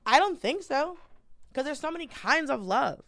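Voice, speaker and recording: A woman's voice: high-pitched, moderate pace, dry recording. A woman comedian guest telling stories in casual, profane podcast chat. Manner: animated, profane storytelling.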